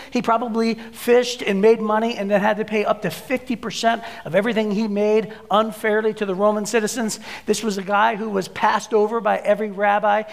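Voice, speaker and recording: A man in his forties delivers a sermon, spinning a personal story with animated, acted-out energy. His voice sits high for a man and carries a gravelly edge. The sound rings with long reverb, as in a large hall. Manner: animated storyteller, acts out his own shouts. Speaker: pastor.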